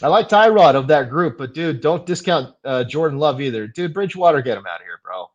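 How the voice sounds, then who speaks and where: A man's voice: fairly high pitch, expressive. Slangy young man, dull lo-fi sound. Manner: loose, slangy, rambling with many fillers; quickly gets heated, then laughs it off. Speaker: fantasy football show host. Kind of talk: casual live stream chat.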